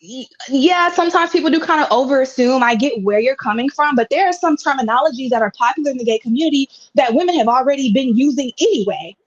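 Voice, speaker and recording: A woman with a high voice speaks in a measured, careful way, asking questions and hedging her points. Her audio sounds dull and lo-fi, and dry with no room sound. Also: expressive, dry recording. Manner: measured, asks questions, hedges with 'kinda'. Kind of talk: casual livestream discussion.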